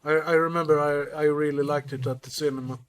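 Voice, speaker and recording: Male co-host, a touch high-pitched, halting casual talker. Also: steady tone, smooth. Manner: halting, restarts words. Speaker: podcast co-host. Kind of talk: casual film chat.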